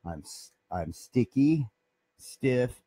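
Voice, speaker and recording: A man's voice: mid-range voice, sing-song, drawn-out words, warm tone, breathy edge, dry recording. A man who runs a guitar shop, talking in a rambling, profane and boastful way. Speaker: guitar shop owner and bassist. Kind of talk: casual comedic monologue.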